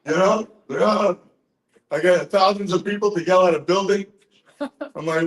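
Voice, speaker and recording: Tipsy sixty-something guy ranting and cussing, highish voice, echoey room. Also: moderate pace, long pauses. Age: 60s. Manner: profane, excitable storyteller. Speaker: conference speaker. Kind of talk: rambling speech to a crowd.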